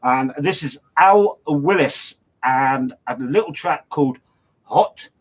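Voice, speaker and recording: An older man presenting a radio show, chatting casually and rambling as he reads out track details and shout-outs. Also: medium pitch, slow pace, rough recording.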